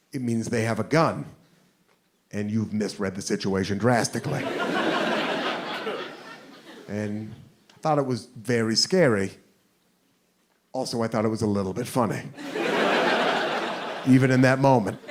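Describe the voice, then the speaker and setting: A man from the United States performing a stand-up comedy set with animated storytelling in a live comedy venue. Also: fairly low pitch, measured pace, long pauses. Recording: noisy live crowd laughter.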